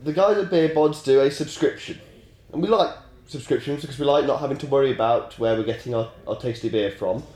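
A man with a head cold co-hosts a casual podcast, explaining things calmly and steadily. His voice is mellow and dark, and the recording has a roomy echo. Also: mid-range voice, a little fast. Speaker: podcast co-host. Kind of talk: casual chat. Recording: roomy sound.

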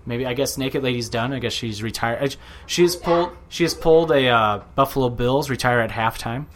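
A man co-hosting a podcast, chatting casually, swearing a lot and acting out quotes in loud shouted voices. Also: mid-range voice, brisk, slight background noise. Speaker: podcast co-host. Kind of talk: casual chat.

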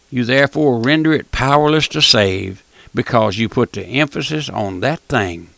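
An older man preaching a folksy broadcast sermon, repeating his points and calling the listener "my friend", with emphatic, drawn-out stressed phrases. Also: medium pitch, fairly bright tone, no echo. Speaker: radio preacher.

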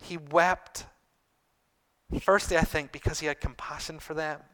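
Earnest man preaching, slightly high voice. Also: steady tone, sharp tone. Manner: earnest, with repeated phrases and emphatic pauses. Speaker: pastor. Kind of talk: sermon.

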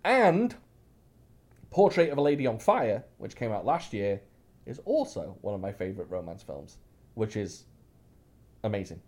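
A man chatting casually as a podcast host, lively and joking about himself. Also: fairly low pitch, moderate pace, pauses often. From Wales. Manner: lively, joking, self-mocking. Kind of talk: casual chat.

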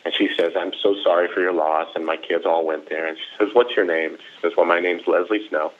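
Casting: low-voiced man, animated storyteller, dull lo-fi sound. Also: a little fast. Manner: animated, acts out quoted voices with big pitch jumps. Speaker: storyteller guest. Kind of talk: casual personal storytelling. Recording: dull lo-fi recording.

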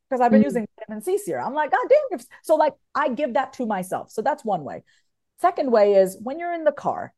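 A woman's voice: medium pitch, darkish tone. A woman from the United States, a guest on a podcast, talking frankly and with energy and swearing casually.

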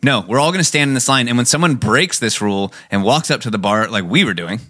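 A man's voice: mid-range voice, expressive, quick pace, sharp tone, no room sound, clean studio sound. A man co-hosting a podcast, ranting in casual, profane, incredulous chat. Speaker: podcast co-host.

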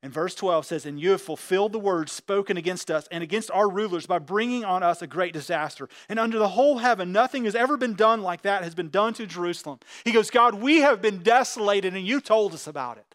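A high-pitched man delivers a fervent sermon, putting scripture into plain everyday talk. His voice comes across close and dry, with no room sound around it. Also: fairly quick, hardly any pauses, fairly bright tone, dry recording. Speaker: pastor.

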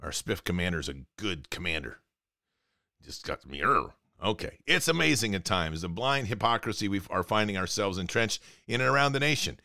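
An indignant man hosts a political commentary show, reading out news and breaking into sarcastic rants. His voice is bright and forceful, recorded dry and close with no room sound. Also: sits low, sing-song, normal speed, gravelly, no room sound. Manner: indignant, sarcastic, reads news items aloud.

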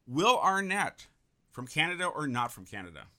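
Upbeat bright-voiced man hosting a quiz. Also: fairly high pitch, big pitch swings, normal speed. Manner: upbeat, encouraging, reads names off a list. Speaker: host. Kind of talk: casual quiz chat.

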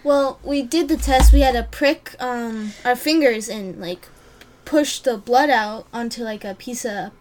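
A young woman with a slightly high voice chats casually with her sister. She tells stories with giggles and little acted-out quotes, loose and unscripted. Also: measured pace, a little mellow, a little hiss or hum. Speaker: co-host. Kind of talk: casual chat.

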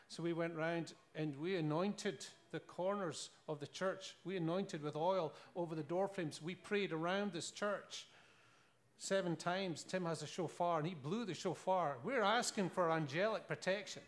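A man's voice: on the high side, a little slow. A man with a Scottish accent preaching a sermon, telling stories earnestly and asking rhetorical questions.

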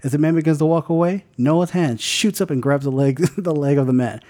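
A podcast co-host with a fairly high, warm voice speaks a little fast as he casually spins a made-up movie ending. He jokes and swears throughout, often laughing mid-sentence.

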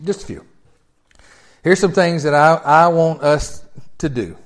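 A male pastor delivers a sermon with a notably high voice. He speaks in a conversational, storytelling manner, restarting phrases and swinging from quiet asides to loud, emphatic bursts. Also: measured pace. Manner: conversational, storytelling with sudden swells.

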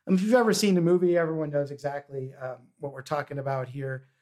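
A man's voice: fairly high pitch, steady tone, fast, darkish tone. A man hosting a podcast, chatting casually about a film with frequent ums and uhs. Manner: hesitant, many ums and uhs. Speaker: podcast host.

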